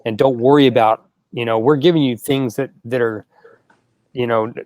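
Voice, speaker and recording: A man gives encouraging advice in a casual panel conversation, leaning on "you know" as he talks. His voice sits at a middle pitch and sounds dry and close. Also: steady tone, moderate pace, darkish tone, dry recording.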